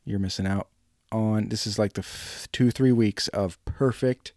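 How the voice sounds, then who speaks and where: Man, podcast host, from New England, casual rambling chat, low pitch, dry close sound. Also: fairly even intonation, unhurried, a little mellow, dry recording. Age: adult, married ten years. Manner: chatty and rambling, many fillers.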